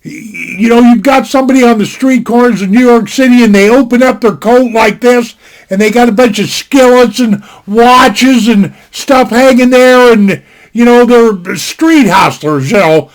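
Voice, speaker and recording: At his home desk, an older man from Montana, USA, tells a rambling, folksy anecdote stuffed with "you know" asides, recorded on a desktop mic. His voice is very high-pitched and moves at a moderate pace.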